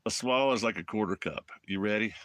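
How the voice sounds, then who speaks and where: Speaking quickly in a fairly low, fairly bright voice without echo, a Southern-accented motorcycle travel vlogger from Alabama rambles folksily to viewers. He's chatting casually on an outdoor live stream from his phone up in the mountains.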